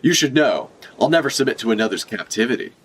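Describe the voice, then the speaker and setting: A man reading aloud as an alluring, commanding woman pirate in a high, teasing put-on voice. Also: animated, fast, slight background noise, lightly acted. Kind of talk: reading manga lines aloud.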